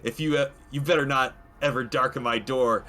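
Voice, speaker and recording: A man's voice: mid-range voice, steady tone, moderate pace, bright, forceful tone, natural voice. A man voicing an indignant young village woman scolding the player in a video game retelling.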